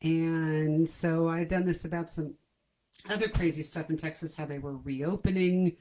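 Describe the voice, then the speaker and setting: A woman's voice: sits low, fairly even intonation, a little slow, dark tone, rough recording. A woman hosting a comedy livestream from home, chatting casually and self-deprecatingly to her viewers and laughing at her own jokes. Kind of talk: casual chat to a livestream audience. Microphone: computer camera mic.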